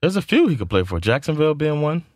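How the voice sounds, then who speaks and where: A man's voice: a little high, very animated, fast talker, darkish tone, no room sound, studio quality. A man co-hosting a casual talk show, blunt and frank, laughing often and swearing freely. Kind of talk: casual chat.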